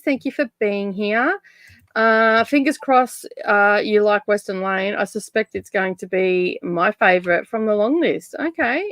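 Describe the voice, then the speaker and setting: A woman's voice: a little high, a bit bright, no room sound, studio quality. An Australian woman hosting a casual livestream chat. She laughs often and reads out viewer messages. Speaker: livestream host.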